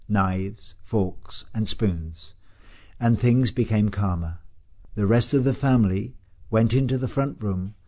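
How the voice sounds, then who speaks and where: A man reading a story aloud as first-person narrator, calm and measured. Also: lowish voice.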